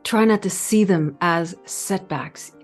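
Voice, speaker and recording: Earnest middle-aged woman talking slow about spirit stuff, calm, a bit low, faint music under. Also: slightly rough. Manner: calm, earnest, with pauses and stretched words. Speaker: spiritual channel host. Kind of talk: reflective spiritual talk to camera.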